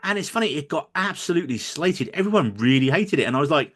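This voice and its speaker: A man's voice: fairly high pitch, lively intonation, fast talker, a bit bright. A man co-hosting a podcast, chatting casually about films in a jokey way and tripping over names. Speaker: podcast co-host. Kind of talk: casual film review chat.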